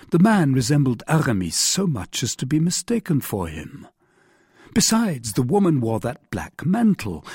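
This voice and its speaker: A man narrating a classic novel in an expressive, dramatic reading. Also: mid-range voice, breathy edge, dry recording, studio quality. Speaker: audiobook narrator.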